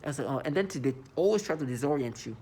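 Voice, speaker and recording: A man's voice: a little high, animated, quick pace, darkish tone, a little hiss or hum. A man talking to the camera in an agitated monologue, often stammering and repeating words. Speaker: vlogger.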